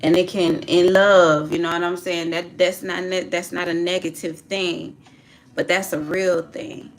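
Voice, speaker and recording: A woman leading a group through spoken affirmations in a slow, emphatic call-and-response, urging them to repeat after her. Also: lowish voice, level tone, slight background noise.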